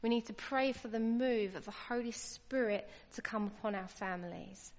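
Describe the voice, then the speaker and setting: A woman's voice: fairly high pitch, normal speed. A woman preaching a sermon, earnest and emphatic, her voice rising when she stresses a point. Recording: lo-fi with long hall reverb.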